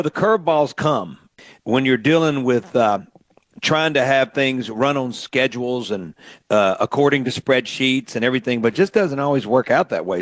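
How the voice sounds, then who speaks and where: A middle-aged man from Mississippi who hosts a radio show, telling stories in a lively way and acting out what people said. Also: mid-range voice, no echo. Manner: animated storyteller, acts out quotes. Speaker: radio host and musician. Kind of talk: storytelling radio chat.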